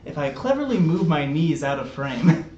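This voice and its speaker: A man's voice: fairly high pitch, sing-song, moderate pace, a little mellow, highs cut off. A man streaming a video game, chatting casually with his chat and joking about his exercise punishments. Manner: chatty, joking, self-mocking.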